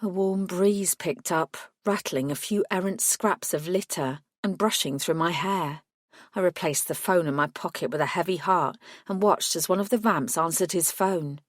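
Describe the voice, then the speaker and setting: A woman reading a first-person paranormal audiobook with wry, measured narration. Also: on the low side, no room sound, clean studio sound.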